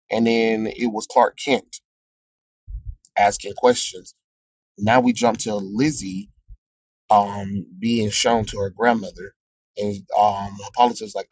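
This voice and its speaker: Low-voiced man recapping a comic. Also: takes it slowly, dry recording, poor audio. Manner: rambling with frequent ums, chuckles at his own jokes. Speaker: comic book reviewer.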